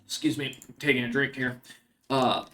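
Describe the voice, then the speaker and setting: A man narrating a tabletop game as game master, halting, with many ums and uhs. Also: medium pitch, level tone, bright, forceful tone, faint music behind.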